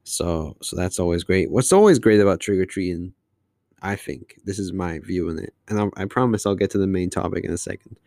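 Guy doing a solo podcast, kinda deep voice, dry, long-winded chatty rambling. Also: a little fast, gravelly, darkish tone, no room sound. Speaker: podcast host. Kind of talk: casual solo monologue.

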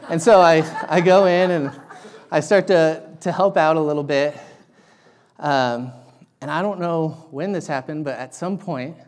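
A man preaching a sermon, telling a personal story in an animated, self-deprecating way. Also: fairly high pitch, unhurried. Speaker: pastor.

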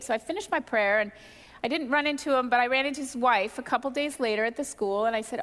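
Middle-aged woman, higher voice, candid testimony sermon, long hall reverb, animated and self-deprecating. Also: fast. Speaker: pastor's wife sharing testimony.

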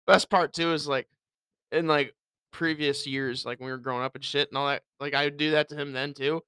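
A man with a very bright, tense voice and a slightly high pitch. He co-hosts a podcast and talks loosely and jokingly, teasing his co-host and swearing casually, close to the mic. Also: fairly even intonation, normal speed, pauses often, clean tone, no room sound. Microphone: podcast mic on a stand, close.

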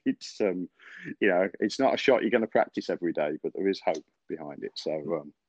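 A man's voice: low-pitched, animated, brisk, dry recording. A man hosting a golf podcast, chatting casually and telling stories with lots of fillers and restarts. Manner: rambling, many fillers and restarts, laughs often. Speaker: podcast host, golf coach. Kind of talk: casual podcast chat, storytelling. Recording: dry, dull lo-fi podcast audio.

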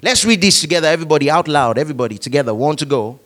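Animated, high-pitched male pastor. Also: very fast, hardly any pauses. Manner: animated preaching, leads the congregation in repeating lines. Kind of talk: sermon with call-and-response.

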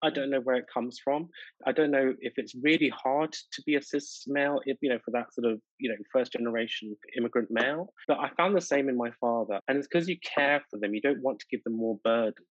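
A man from the United Kingdom, interviewed about his own life, talking in a reflective way and often filling pauses with "sort of" and "you know". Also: mid-range voice, dry recording. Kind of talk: personal storytelling in conversation. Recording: dull lo-fi dry recording.

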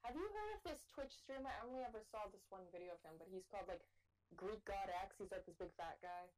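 A woman's voice: mid-range voice, expressive, quick pace, darkish tone, poor audio. A woman in casual podcast chat, telling stories with many "like" fillers. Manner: chatty storytelling, many "like" fillers.

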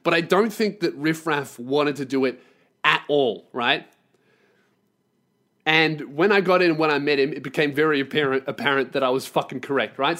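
A young man telling a story on his podcast, sweary and animated, acting out the dialogue. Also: fairly high pitch. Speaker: podcast host. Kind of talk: casual storytelling. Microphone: podcast microphone.

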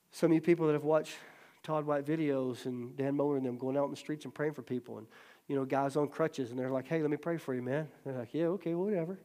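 Lively, slightly high-voiced male pastor. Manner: lively storyteller who laughs often and acts out quotes. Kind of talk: Bible study teaching.

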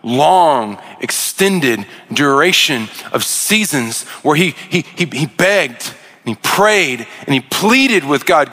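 A man's voice: on the high side, expressive, takes it slowly, sharp tone. A man preaching a sermon as pastor, impassioned, often repeating words and restarting mid-phrase.

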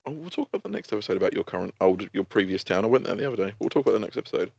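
Lively, gravelly teasing man. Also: lowish voice, racing, highs cut off. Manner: teasing, laughs often. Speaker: podcast co-host. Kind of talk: casual chat.

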